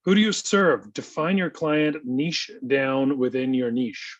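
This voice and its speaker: A man's voice: mid-range voice, lively intonation, measured pace. A man co-hosting a casual business podcast who jokes, mocks himself and mostly chimes in with short replies. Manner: joking, self-deprecating, short backchannels. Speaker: co-host. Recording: slightly dull lo-fi sound.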